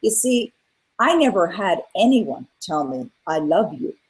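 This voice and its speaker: A middle-aged woman as an interview guest, telling her own story in an earnest, animated way and acting out what people said. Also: fairly low pitch, a little slow, slightly rough, poor audio. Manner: earnest, animated retelling with acted-out quotes. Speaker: guest, author and coach.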